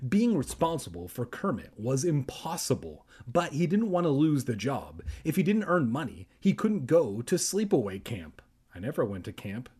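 A young man with a medium-pitched, sing-song voice reads a children's book aloud for laughs, keeping a normal speed. His tone is warm but slightly rough, and he keeps breaking off into crude jokes at his own expense.

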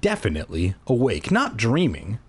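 A man's voice: medium pitch, wildly swooping pitch, normal speed, slightly rough. A man reading a horror story aloud for comedy, breaking off with jokey, self-mocking asides.

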